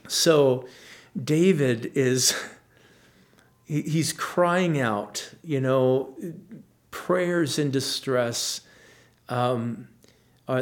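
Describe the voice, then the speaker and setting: A man speaking as a pastor, giving a conversational, earnest Bible teaching with frequent restarts and soft asides. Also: medium pitch.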